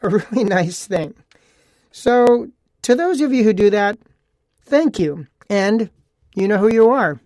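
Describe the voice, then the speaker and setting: A man's voice: high-pitched, darkish tone, dry recording. A man hosting a casual solo podcast talks on a close mic. He rambles in a chatty way, repeats himself and adds asides. The sound is dry and close, with no room around him. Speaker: podcast host.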